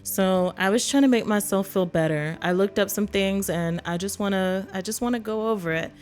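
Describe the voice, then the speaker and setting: A woman's voice: mid-range voice, moderate pace, a little mellow. A woman from East Texas chats to camera in a loose, conversational way and laughs often. She acts out quotes in other voices along the way. Faint music plays under her voice. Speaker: vlogger. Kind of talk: casual talk to camera.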